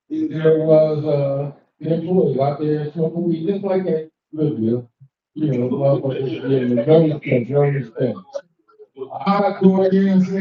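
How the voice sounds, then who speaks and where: An older man doing crude, animated stand-up comedy, slipping into quick character voices as he tells his stories. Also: a little high. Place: cigar lounge comedy stage. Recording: echoey distant dull live-room recording.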